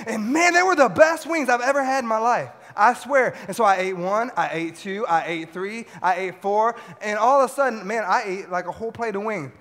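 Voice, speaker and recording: A young man with a high, bright voice preaches to teenagers. He swings from loud shouts to hushed asides in a large hall, and long reverb trails every line. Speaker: youth pastor. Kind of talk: sermon to a youth audience.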